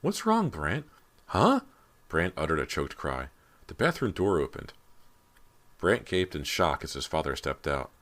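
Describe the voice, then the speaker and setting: A man reading a teen horror novel as audiobook narrator, in a steady, measured way. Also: a bass voice. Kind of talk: scripted narration.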